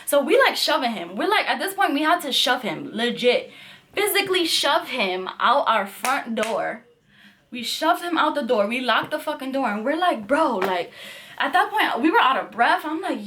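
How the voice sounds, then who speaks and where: Woman in her twenties, fairly high voice, casual heated storyteller, swears freely, camera mic at home. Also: moderate pace, a little hiss or hum. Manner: animated, profane, heated retelling. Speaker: vlogger.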